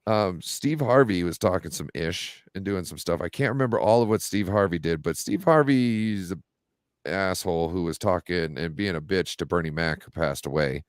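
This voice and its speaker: Deep-voiced and speaking at normal speed, this sports talk co-host sounds clean, with no echo in the studio recording. He tells animated, meandering stories full of filler words on his casual podcast.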